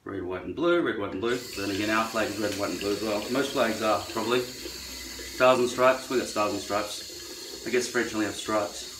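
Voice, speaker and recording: A man's voice: lowish voice, moderate pace, noisy background. An Australian man talking in a rambling, profane and sarcastic monologue. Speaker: vlogger. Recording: echoey room, far from mic.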